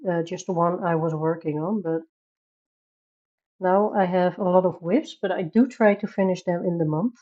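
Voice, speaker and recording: A woman's voice: lowish voice, normal speed, dark tone, muffled recording. A woman from the Netherlands with a Dutch accent, chatting casually on a coloring live stream, reading chat aloud and laughing often.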